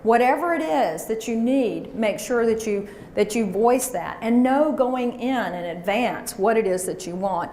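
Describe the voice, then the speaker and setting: A fairly high-voiced woman leads a workshop before a live audience. She coaches with energy and gets the room to chant back. The sound is echoey, with a faint hum behind her. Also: expressive, measured pace, hardly any pauses, a little mellow. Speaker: speaker leading a workshop.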